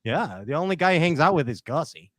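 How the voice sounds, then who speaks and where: Upbeat male host, animated pitch, ribbing guests on a video call. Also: quick pace, no echo. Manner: lively, teasing, laughs often. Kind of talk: casual chat.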